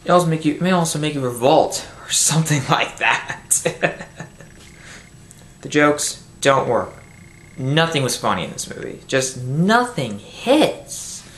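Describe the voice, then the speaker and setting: A man's voice: a little high, big pitch swings, unhurried, fairly bright tone, slight background noise. Exasperated man ranting through a camera mic. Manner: exasperated, rambling, swears, restarts sentences. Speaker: film reviewer. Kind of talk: angry movie review rant. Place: home room. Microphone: built-in camera microphone. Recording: echoey room, built-in camera mic.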